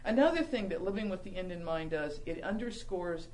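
Lively older woman teaching the Bible. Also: fairly low pitch, a little fast, low-quality recording. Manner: animated storytelling with self-mocking humor. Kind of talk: humorous Bible teaching talk.

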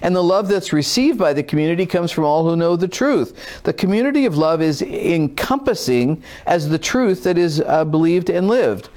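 A man's voice: fairly high pitch, animated, moderate pace, few pauses, a little mellow. A man teaching a conversational Bible lesson, informal and emphatic, repeating points for stress. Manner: acts out a whiny skeptic voice at times.

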